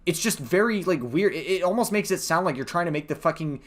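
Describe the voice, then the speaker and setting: A man's voice: fairly high pitch, lively intonation, fast talker. A man hosting a reaction commentary, heated and profane as he rants. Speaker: commentary host.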